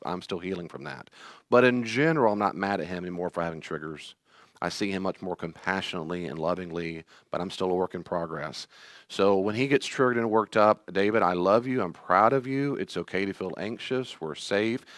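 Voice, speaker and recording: A man's voice: on the low side, fairly bright tone, no echo, studio quality. A man teaching a Bible study class in a rambling, self-deprecating way, often acting out inner dialogues in a raised voice.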